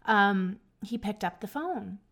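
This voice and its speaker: A woman hosting a talk, telling a personal story in an earnest, emotional way. She swings between hushed, reflective moments and loud, lively bursts. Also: medium pitch, slow. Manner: earnest and emotional, with many restarts. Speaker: podcast host.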